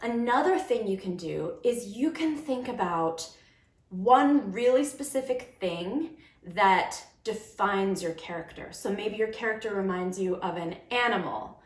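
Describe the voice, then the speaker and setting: A woman's voice: medium pitch, expressive, measured pace, reverberant. A woman teaching puppet making and puppet voices, talking in an upbeat, encouraging way for children and parents. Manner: upbeat and encouraging, demonstrating as she explains. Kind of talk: friendly instructional talk for kids and parents.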